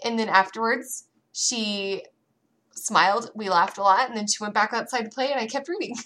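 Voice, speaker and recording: A woman in her thirties co-hosting a casual parenting chat, telling lively stories about her kids. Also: fairly high pitch, moderate pace. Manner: animated storyteller, acts out her kids' voices. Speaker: podcast co-host.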